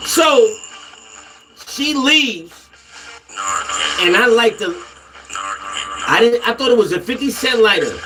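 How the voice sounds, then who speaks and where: Loud animated man telling a comic story. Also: very high-pitched, takes it slowly, long pauses, music in the background. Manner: animated, loud, profane, repeats himself.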